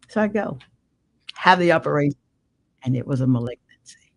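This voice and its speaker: An older woman, a guest and radio show host, delivers an emotional faith testimony in a deep voice with lively intonation, talking a little fast and pausing often. Emphatic and preacherly, she calls the listener "man"; the low-quality recording has no echo.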